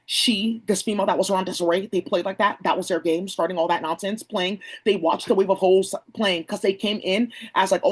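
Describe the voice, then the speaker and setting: Bay Area speaker, husky voice, rushed rambling rant, slangy and profane, direct-to-camera monologue. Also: medium pitch, rough recording. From San Francisco Bay Area.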